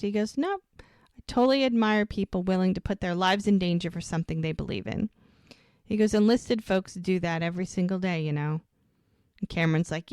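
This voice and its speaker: A woman's voice: medium pitch, normal speed, no echo, studio quality. A woman co-hosting a podcast, casually retelling scenes and acting out the dialogue. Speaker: podcast co-host recapping episodes. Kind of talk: casual chat.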